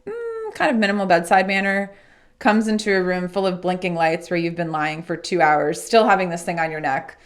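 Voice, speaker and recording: A woman's voice: lowish voice, moderate pace. A woman speaking as a podcast guest, telling a personal story earnestly and reflectively. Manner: acts out remembered dialogue in lively voices. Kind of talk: casual interview storytelling.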